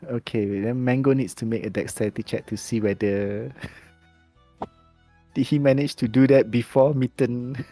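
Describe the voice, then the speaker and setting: A man's voice: medium pitch, a little slow, dark tone, dry recording, faint music behind. A man narrating a tabletop game as game master, hesitant, often correcting himself mid-sentence. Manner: hesitant, many restarts and self-corrections.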